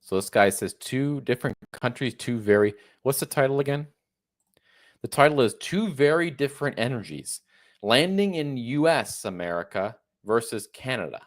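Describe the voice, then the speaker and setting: Sarcastic man in his thirties, mid-pitched. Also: very animated, moderate pace. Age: 30s. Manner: sarcastic, incredulous, mocking. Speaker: host. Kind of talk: casual commentary reacting to a video.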